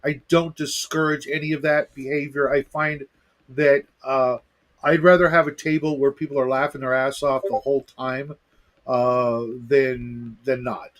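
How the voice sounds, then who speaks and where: A man in casual chat who talks haltingly, restarting and trailing off, with dry replies. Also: mid-range voice, flat delivery. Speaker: podcast co-host, game master.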